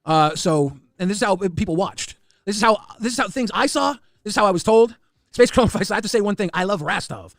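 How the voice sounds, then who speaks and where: A man telling a story in a casual way, fast and full of repeated restarts. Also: high voice, expressive, dry recording, studio quality. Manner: rapid, repetitive restarts. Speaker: guest recounting drama.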